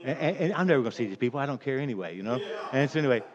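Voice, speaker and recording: A man's voice: mid-range voice, lively intonation, very fast, a crowd in the background. An older man tells a rambling, folksy anecdote, hurrying from one detail to the next. He chuckles at his own mischief as he goes. The recording is dull and lo-fi, with the top end rolled off. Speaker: storyteller. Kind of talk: casual spoken anecdote.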